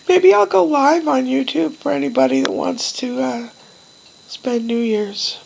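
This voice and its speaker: A middle-aged woman talks to her vlog camera at an unhurried, drawn-out pace. Her voice is heavily gravelly with vocal fry. She wanders from story to story in a wistful, meandering way, pausing often. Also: high-pitched, a little mellow, a little hiss or hum, rough recording. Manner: slow, meandering, wistful, with pauses and trailing sighs. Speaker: vlogger. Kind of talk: casual personal vlog, rambling storytelling.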